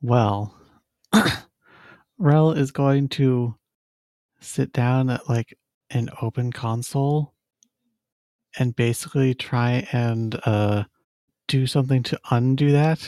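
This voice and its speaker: A man's voice: mid-range voice, takes it slowly, long pauses, darkish tone, dry recording. A man playing a tabletop game, speaking hesitantly with many fillers. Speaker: player. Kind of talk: casual tabletop game play.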